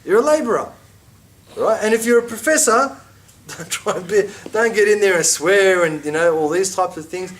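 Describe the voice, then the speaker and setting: Man, middle-aged, teaching a casual religious class; animated and chatty, slightly high voice, a bit off-mic. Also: moderate pace, distant mic, a little hiss or hum. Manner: animated, conversational, with asides and mock quotes. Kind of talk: informal class lecture.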